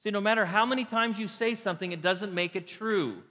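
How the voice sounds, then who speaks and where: A man's voice: high voice, fairly quick. Earnest male pastor preaching in a reverberant hall. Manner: earnest preaching with rising emphatic peaks and soft closing prayer. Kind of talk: sermon. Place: church sanctuary.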